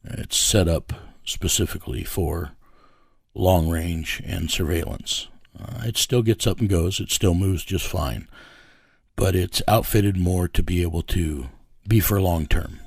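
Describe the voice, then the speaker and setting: A man's voice: deep voice, measured pace, vocal fry, husky, dry recording, studio quality. A man telling a story in an interview. He rambles in a casual, profane way and keeps acting out conversations with "I said" and "he goes.". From United States. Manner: rambling, profane, reenacts dialogue with repeated "I said". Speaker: interviewee, vigilante team leader.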